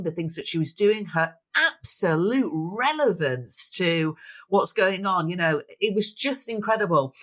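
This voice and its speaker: A woman's voice: fairly low pitch, fairly bright tone. A woman speaking as a podcast guest, upbeat and motivational, explaining her ideas through examples. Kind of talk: interview conversation.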